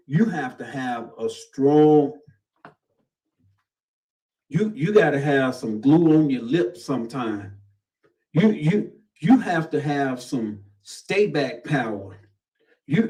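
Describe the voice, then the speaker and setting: A man's voice: medium pitch, warm tone, distant mic, poor audio. A man preaching a sermon. He repeats himself, calls on the crowd and acts out the voices he quotes. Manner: repetitive, call-and-response, acts out quoted voices.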